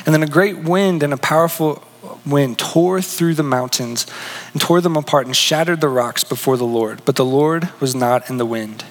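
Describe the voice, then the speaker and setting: A man preaching a sermon in an earnest, questioning way, often dropping to a soft hush. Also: on the high side, normal speed, big-room sound, poor audio. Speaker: pastor.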